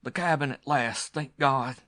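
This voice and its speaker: A man's voice: fairly high pitch, expressive, normal speed, voice pushed up. A man voicing a frightened servant whose voice is strangled and gasping with fear. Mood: terrified. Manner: gasping, shouting.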